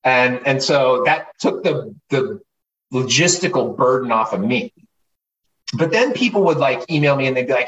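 A man telling wine stories casually as an interview guest, lively and profane, acting out the people he quotes. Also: medium pitch, normal speed. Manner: animated, profane, acts out quoted voices. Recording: roomy, distant mic, faint noise.

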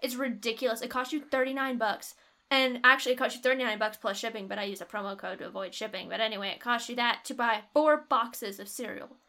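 A young woman with a bright, lively voice and a slightly high pitch. She chats casually as a podcast co-host. She is opinionated and jokey, laughing as she talks. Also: fast talker. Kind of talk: casual chat and product review.

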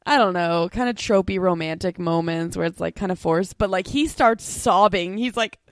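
A young woman co-hosting a casual chat, talking fast with lots of "like" and little laughs. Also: on the low side, no room sound, clean studio sound. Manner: chatty, quick, full of "like" and little laughs. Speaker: co-host.

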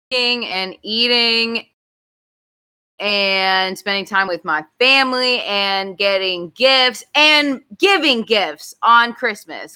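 Upbeat woman co-host, bright mid-pitched voice. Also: clear, resonant tone. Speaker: podcast co-host. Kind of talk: casual podcast chat.

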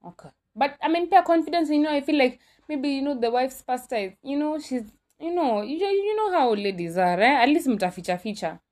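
A young woman with a Kenyan accent tells a personal story in a slightly high voice. She is dramatic and exclamatory and keeps switching languages in mid-sentence. It sounds like a storytime vlog. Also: expressive, fairly quick, a little mellow. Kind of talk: animated storytime.

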